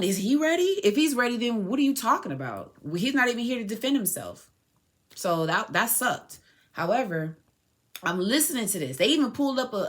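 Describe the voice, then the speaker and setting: A woman hosting a podcast and telling a personal story, animated and emphatic, often acting out what others said. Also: a little high. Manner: emphatic, animated retelling with acted quotes. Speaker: podcast host.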